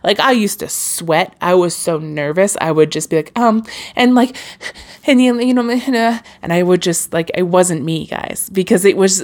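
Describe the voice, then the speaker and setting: Chatty encouraging woman podcaster. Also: on the low side. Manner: chatty and encouraging, many fillers and restarts. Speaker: podcast host. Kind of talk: casual solo podcast monologue. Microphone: podcast microphone.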